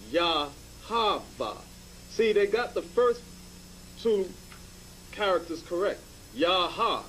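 A man's voice: fairly high pitch, a little hiss or hum, poor audio. A man giving informal Bible teaching, emphatic and repetitive, often checking with "okay?". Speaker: religious teacher.

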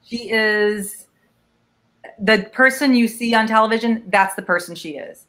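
Bright-voiced woman casting director. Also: medium pitch, a little slow. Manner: earnest, emphatic, upbeat advice. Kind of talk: video call interview answers. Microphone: video call.

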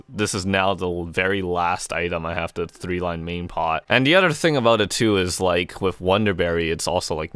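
A man giving casual live gameplay commentary, swearing freely and filling pauses with "uh" and "like". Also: sits low, a bit bright, clear, resonant tone, no room sound. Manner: casual, swearing, frequent fillers. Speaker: gaming video creator.

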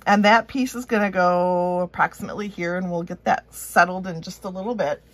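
A craft instructor from Minnesota, with a Minnesotan accent, walks through a tutorial step by step. Her voice is lowish, fairly even, and brisk, and she's chatty and upbeat, thinking aloud as she works.

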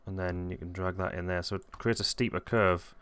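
Deep, flat-voiced man thinking aloud. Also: brisk, smooth. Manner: rambling, self-correcting, thinking aloud. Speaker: software tutorial host. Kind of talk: casual screen-recorded tutorial.

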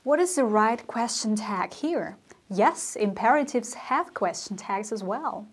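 A woman teaching a grammar lesson, explaining slowly and deliberately with spoken example sentences. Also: a little high, animated, husky. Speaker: language teacher.

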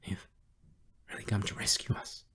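A man narrating an audiobook, voicing a frightened old civilian man who talks in a hushed, trembling way. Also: moderate pace, whispered, close to an everyday voice. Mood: hopeful.

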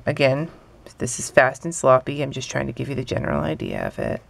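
A woman's voice: extremely low pitch, wildly swooping pitch, fairly quick, vocal fry. A young adult woman teaching hand lettering in a casual, offhand, self-deprecating way while she draws. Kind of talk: casual tutorial talk while drawing.

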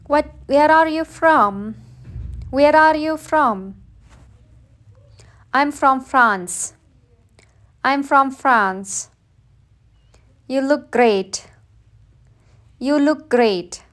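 Very slow high-voiced woman teacher. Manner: says each phrase slowly and plainly, often twice. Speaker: English teacher. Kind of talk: slow read-aloud phrase drill.

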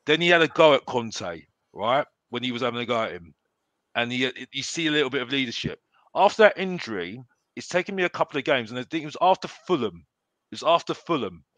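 A man's voice: medium pitch, sing-song, fast talker, a bit bright, dry recording. A man chatting casually as a fan panelist, rambling with many restarts and repeated phrases.

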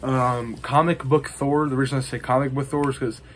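A man's voice: mid-range voice, steady tone, normal speed, fairly bright tone, slight background noise. Rambling man in a casual show-and-tell. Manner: rambling, full of ums and you-knows. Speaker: vlogger showing his collection.

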